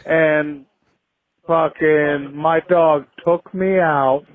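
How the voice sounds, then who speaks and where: A man's voice: a little high, fairly even intonation, very slow, dry recording. Man rambling on a tinny phone line. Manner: rambling, profane storytelling. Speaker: caller. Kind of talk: voicemail message.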